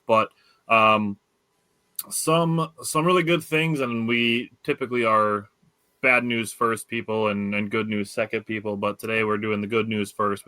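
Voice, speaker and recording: A man's voice: on the low side, pushed and bright, no room sound. A man with a Wisconsin accent hosting a casual sports podcast, talking loosely with lots of fillers. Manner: loose, filler-heavy, enthusiastic. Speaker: podcast host.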